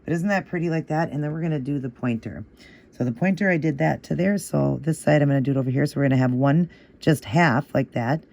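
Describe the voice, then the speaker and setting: A man whose gravelly, mellow voice leans high speaks fast through a casual, step-by-step nail art tutorial. He patiently repeats every move in a steady rhythm and keeps encouraging the viewer.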